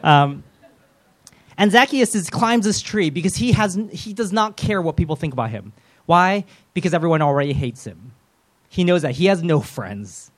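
A man preaching a sermon in a lively, conversational way, with self-deprecating humor and quick role-played voices. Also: fairly high pitch. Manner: animated, acts out voices of biblical figures.

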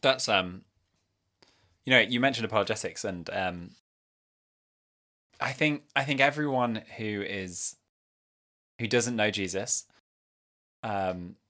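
A man's voice: on the low side, slow, long pauses, pushed and bright. A man hosting a casual faith conversation, speaking thoughtfully with many fillers and hedges.

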